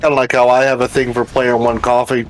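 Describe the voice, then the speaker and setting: A man's voice: medium pitch, level tone, brisk, background noise. A man chatting casually as a guest on a game stream, telling stories with plenty of fillers. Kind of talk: casual chat.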